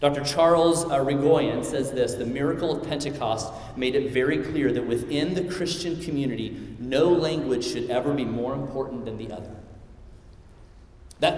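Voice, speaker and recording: Midwestern pastor preaching in an echoey hall. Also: male voice, mid-range voice. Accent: American Midwestern. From American Midwest. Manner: earnest, conversational, animated when telling stories. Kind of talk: sermon. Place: church sanctuary. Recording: echoey hall, mic at a distance.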